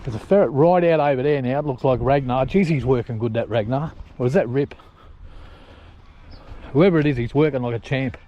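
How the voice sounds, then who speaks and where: A man's voice: mid-range voice, a little fast, highs cut off. A man, talking casually outdoors to his viewers and his dogs while out ferreting. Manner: chatty, talks to his dogs and ferrets, excited calls. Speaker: ferreting vlogger. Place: outdoors in open country.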